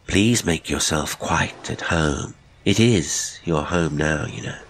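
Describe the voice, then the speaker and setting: A man's voice: very deep voice, takes it slowly, a bit bright, a little hiss or hum, exaggerated voice. A man voicing a chilly, gloating villain. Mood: sneering. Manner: chilly, sneering, biting. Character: suave menacing villain, cold and gloating.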